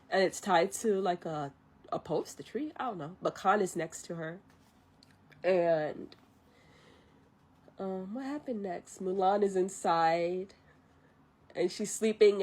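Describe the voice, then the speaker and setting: A young woman streamer casually retelling a film from memory, rambling, unsure and often correcting herself. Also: mid-range voice. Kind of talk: casual livestream storytelling.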